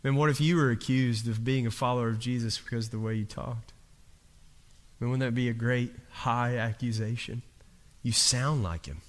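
A man preaching a sermon, telling the story dramatically and swinging between hushed and loud. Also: mid-range voice, normal speed. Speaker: pastor. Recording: long hall reverb.

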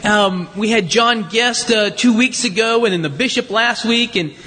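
A man with a northern American accent preaches from the pulpit in an easy, conversational way, with his voice sitting high and lifting further on his questions. The sermon rings out through a large sanctuary with a long reverb tail. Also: moderate pace, pushed and bright. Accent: northern American, Yankee. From northern United States. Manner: conversational, self-deprecating, pitch swings up on questions. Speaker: pastor. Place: church sanctuary.

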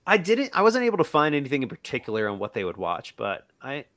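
Bright-voiced man telling a story on a podcast. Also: mid-range voice, huge pitch swings, fast, no room sound. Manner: rambling storyteller, acts out quoted voices. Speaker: podcast co-host. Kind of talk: casual podcast chat.

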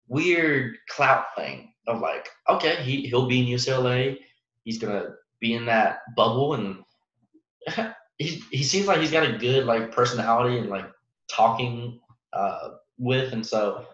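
A young man hosts a casual sports podcast on his own, rambling through fillers and restarts and chuckling at his own jokes. His voice sits at a middle pitch. The recording sounds roomy and a little dull and muffled. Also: fairly bright tone. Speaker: podcast host. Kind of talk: casual solo sports talk.

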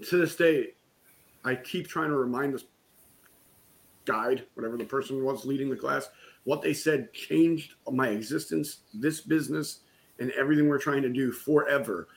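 A man's voice: mid-range voice, unhurried, creaky, pauses often. Candid man telling a personal story. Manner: candid, keeps saying "right?". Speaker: guest, business coach. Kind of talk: emotional storytelling in conversation.

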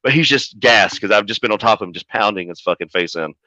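A man who manages pro wrestlers, telling a story as a podcast guest in a profane, animated way. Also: on the low side, quick pace, no room sound. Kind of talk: casual storytelling. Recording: dull lo-fi audio.

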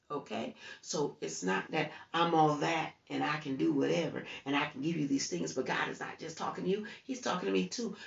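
A woman's voice: on the low side, gravelly. A woman from the United States preaching informally in a conversational, urging way while she has the hiccups and keeps yawning. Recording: roomy, distant, dull sound.

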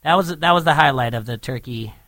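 A man's voice: mid-range voice, a little fast, bright, forceful tone, no room sound. A man in his thirties co-hosting a sports radio show in a studio, telling a rambling story and laughing easily. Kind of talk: casual radio banter. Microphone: studio microphone.

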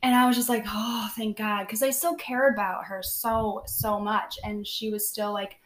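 A teenage girl telling a story in casual chat, talking quickly with lots of "like" and acting out the quoted lines. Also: medium pitch, steady tone. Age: teens. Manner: chatty, heavy use of "like", acts out quoted lines.

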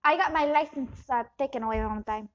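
A woman's voice: high voice, fairly quick, muffled recording, lightly acted. A woman improvising a shady scam doctor who rambles, hesitates and drifts between put-on accents. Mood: rambling. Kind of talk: improv comedy scene.

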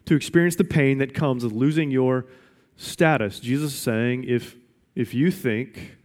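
A pastor delivers a sermon in a slightly mellow, mid-range male voice. He speaks emphatically and repeats his questions for weight, with the long reverb of a large hall around him.

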